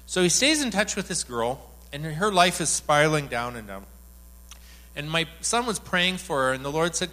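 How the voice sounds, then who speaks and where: Middle-aged male preacher, bright, slightly high voice, animated storyteller. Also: normal speed. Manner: animated anecdotal retelling with frequent laughs. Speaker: church speaker. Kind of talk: sermon storytelling.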